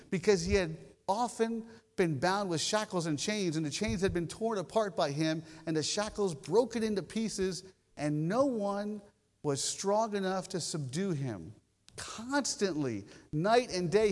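A man preaching a sermon as a pastor, telling stories and alternating slow, stressed phrases with quick asides. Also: high voice, a little mellow, big-room sound. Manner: storytelling, shifting between slow emphasis and quick asides.

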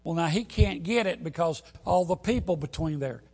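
A man preaches a sermon in a fairly high, gravelly voice with a husky edge. He tells a story in an easy way, then climbs to loud, emphatic peaks. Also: lively intonation, moderate pace.

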